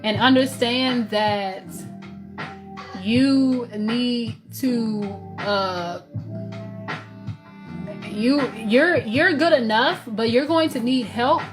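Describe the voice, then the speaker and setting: A woman with a Southern US accent giving a loose, conversational tarot reading, full of fillers and restarts. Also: a little high. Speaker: tarot reader. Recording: music playing under voice.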